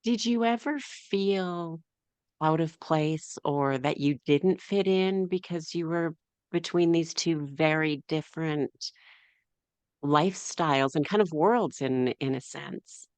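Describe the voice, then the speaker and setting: A woman hosting an interview, attentively asking gentle follow-up questions. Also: sits low, slow pace, smooth, no echo. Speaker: host.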